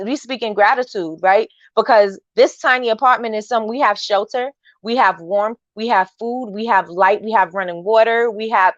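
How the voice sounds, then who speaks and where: A woman's voice: a little high, no room sound. Upbeat woman host, preaching encouragement to viewers, dry and slightly dull recording. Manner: preachy and encouraging, repeats phrases. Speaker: host of a morning live stream. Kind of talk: lively motivational talk reading viewer comments.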